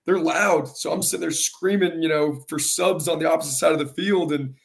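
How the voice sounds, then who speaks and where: A high school soccer coach speaks in a casual interview, his voice gravelly and carrying with a steady tone. He comes across as earnest, halting and repeating words as he goes.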